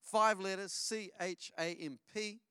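Aussie pastor guy, middle-aged, smooth clear voice a bit on the high side, dry close sound, chatty sermon with stories. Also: a little slow, no echo. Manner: storytelling, lively with audience questions. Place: church.

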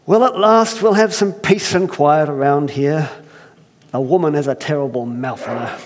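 A man voicing the first man, a hapless husband with a put-on Irish brogue. He shouts in a strained, high voice and answers meekly. The recording has a long hall reverb. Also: normal speed, natural voice. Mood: bellowing. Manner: shouting demands, then meek and sorry.

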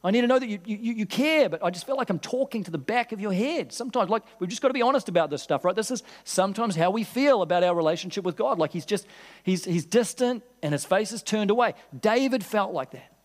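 Male pastor, high voice, earnest conversational sermon delivery, reverberant church hall. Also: expressive, fast. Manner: earnest, conversational, asks the congregation questions.

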